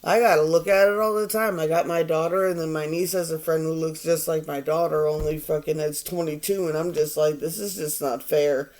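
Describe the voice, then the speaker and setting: A man's voice: a little high, steady tone, a little fast, hardly any pauses, darkish tone. A man in his forties giving a casual tarot reading, rambling, swearing and sounding exasperated. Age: 40s. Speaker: tarot reader.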